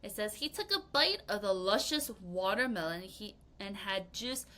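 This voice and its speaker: A young woman leads a children's vocabulary lesson with a bright, clear tone and a very lively, bouncing pitch. She acts out example reactions with gasps and exclamations. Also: moderate pace. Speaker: English vocabulary teacher.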